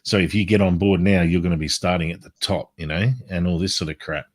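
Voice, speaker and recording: A man's voice: low voice, fairly even intonation, fast. A man chatting on a live stream, rambling and swearing freely. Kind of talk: casual chat.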